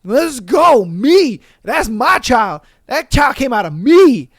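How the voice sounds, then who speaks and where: A podcaster putting on a loud gloating mom. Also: high-pitched, sing-song, slow, no echo, studio quality, pitched above the performer's own voice, full character voice. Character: boastful mother cheering loudly for her own child.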